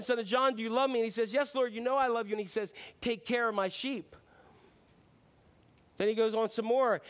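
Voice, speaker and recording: Guy preaching a sermon, pretty high voice, chatty with lots of restarts, slows way down on the bible quotes. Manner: conversational, with frequent restarts and filler words; slows down to stress scripture quotes.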